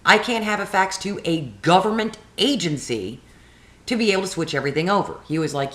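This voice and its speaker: A woman telling a long story about a maddening phone call, and her voice swings high and low as she acts out both sides. Her pitch sits low in between, and the sound rings in an echoey room. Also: fairly quick. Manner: animated retelling with quoted dialogue and rising frustration; laughs between phrases. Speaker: video blogger. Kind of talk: casual storytelling.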